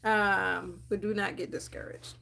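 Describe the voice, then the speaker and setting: A young adult woman, a dental hygienist, talking casually to camera with animated, laughing encouragement and frequent fillers. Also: medium pitch, measured pace, gravelly. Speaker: dental hygienist and channel host.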